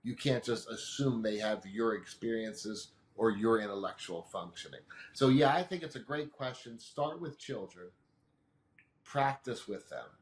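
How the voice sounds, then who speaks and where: A man guest in an interview, explaining calmly and patiently as an expert, working through practical examples. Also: fairly low pitch, a little slow. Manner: calm, teaching tone with practical examples. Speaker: emotional management expert guest. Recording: roomy echo.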